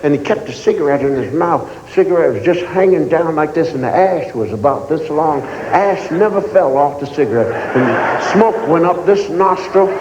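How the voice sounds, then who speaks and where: A man in his forties telling an animated stand-up story on a theater stage, acting out scenes. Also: fairly high pitch, moderate pace, hardly any pauses, lo-fi sound. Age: 40s. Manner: animated, acts out scenes and voices. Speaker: stand-up comedian. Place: large theater stage, live show. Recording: echoey theater hall, audience noise.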